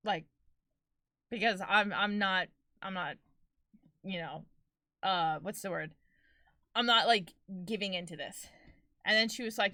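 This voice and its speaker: Chatty young woman streamer, bright voice. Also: fairly high pitch, a little fast, no room sound, studio quality. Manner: chatty, storytelling, laughs often. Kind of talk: casual chat with live chat.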